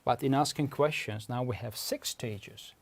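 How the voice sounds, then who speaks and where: Man, Uzbek accent, gravelly voice, mid-pitched, lecturing, methodical, pauses to clarify terms. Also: dry recording. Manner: patient, methodical, stops often to clarify terms. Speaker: language researcher. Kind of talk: explanatory lecture.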